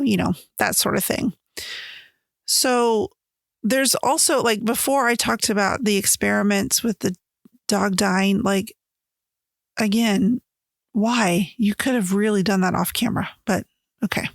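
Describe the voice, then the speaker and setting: A woman's voice: mid-range voice, steady tone, measured pace, gravelly, pauses often, dry recording, studio quality. A woman hosting a casual solo podcast, chatting animatedly and acting out quoted lines in her retellings. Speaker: podcast host. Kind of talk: casual solo book-versus-movie chat.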